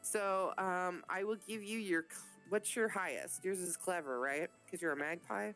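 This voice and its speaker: A woman running a tabletop game as game master, telling the scene in a casual, profane, animated way. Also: fairly low pitch, moderate pace, soft background music.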